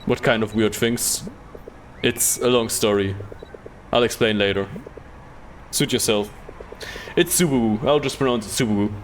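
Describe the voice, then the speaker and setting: A man's voice: on the low side, normal speed, pauses often, a little hiss or hum. Casual male streamer reading game text. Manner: casual, stumbles over words, swears offhand. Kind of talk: live game playthrough, reading dialogue aloud.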